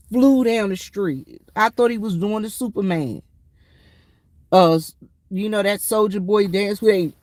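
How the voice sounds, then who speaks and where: A woman's voice: mid-range voice, no echo. A woman veteran speaking to her viewers in a casual, emphatic storytelling monologue, often calling them y'all. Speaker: military veteran vlogger.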